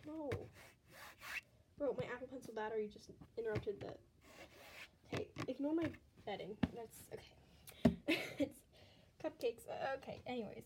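A woman's voice: a little high, normal speed, long pauses, very noisy. A teenage girl vlogging casually about her old drawings, self-mocking and giggly, often dropping into whispers. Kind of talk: casual commentary on old sketchbook. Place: bedroom at home.

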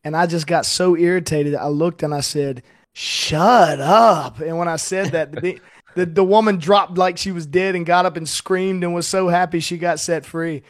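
A man's voice: sits high, steady tone, moderate pace, dry recording, studio quality. A man recounting an anecdote matter-of-factly in a casual chat.

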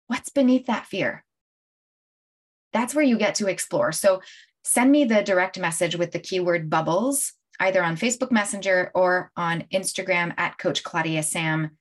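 A middle-aged woman speaks casually to her livestream viewers as a coach. She is animated and chatty and breaks into laughter often as she tells her stories. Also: on the low side, moderate pace. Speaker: life coach hosting a livestream. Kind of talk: casual live-stream talk to viewers.

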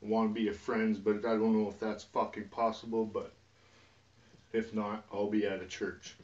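Brief: agitated man, heavy swearing, sudden shifts from mumbling to shouting, dull lo-fi sound. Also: lowish voice, flat delivery, normal speed. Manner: profane and agitated, swinging from muttering to yelling. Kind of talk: rambling emotional rant to camera. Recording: distant, dull lo-fi recording.

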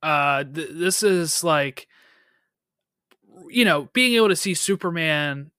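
A man's voice: on the high side, slow pace, clear, resonant tone, no echo, studio quality. A man talking casually about a TV show, loose and filler-heavy. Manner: relaxed, hedging with fillers. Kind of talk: casual pop-culture chat.

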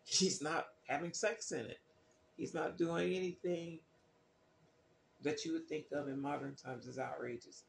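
Brief: man, slightly high, gravelly voice, casual skeptical scripture commentary, faint background noise. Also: steady tone, a little slow, roomy sound. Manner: skeptical, questioning, loose with fillers and restarts. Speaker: Bible reading commentator.

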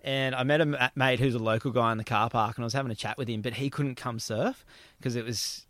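A man's voice: medium pitch, fast, no echo. A young Australian man from the Gold Coast telling stories in a casual podcast chat, swearing casually and acting out the people he quotes. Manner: animated, swears casually, acts out quoted voices.

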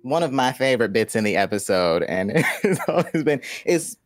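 A man's voice: medium pitch, sing-song, normal speed, no echo, studio quality. A man co-hosting a podcast in casual chat, laid-back and swearing freely. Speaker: podcast co-host.

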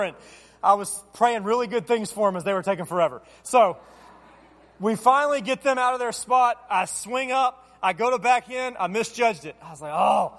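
A man in his thirties, a pastor telling a self-deprecating family story during a sermon and acting out his own side of the dialogue with animated energy. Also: high voice. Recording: long reverb of a large hall.

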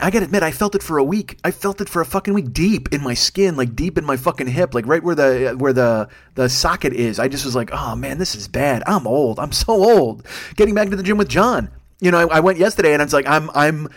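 Fast-talking, foul-mouthed man in his fifties. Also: a little high. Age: 50s. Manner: heavy swearing, self-mocking; digressive storytelling. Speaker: comedian podcast host. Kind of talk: rambling comedic monologue.

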